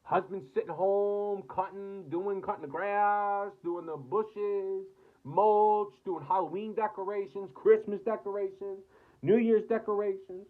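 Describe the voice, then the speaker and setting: Steady in tone and measured in pace, this high-pitched American man from the United States delivers a vlogger's angry rant to camera, packed with profanity and repetition. The recording has a tinny, phone-like quality.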